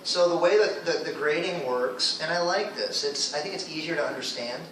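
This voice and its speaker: A man's voice: a little high, moderate pace, a bit bright, distant mic, a little hiss or hum. Man teaching in an echoey classroom. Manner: explains patiently, checks in with students often. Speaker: ESL teacher.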